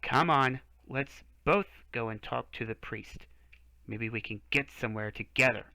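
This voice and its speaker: A man's voice: mid-range voice, unhurried, creaky, pushed and bright, dry recording, voice pushed down, poor audio. A man voicing a frustrated, blunt male temple knight while reading game dialogue aloud. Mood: exasperated. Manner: exasperated, blunt.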